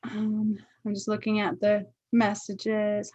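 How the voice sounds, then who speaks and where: A woman's voice: mid-range voice, steady tone, moderate pace, no echo, highs cut off. A woman giving a casual livestream card reading, earnest, often checking in with her viewers. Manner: earnest, keeps checking in with "okay?". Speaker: spiritual card reader.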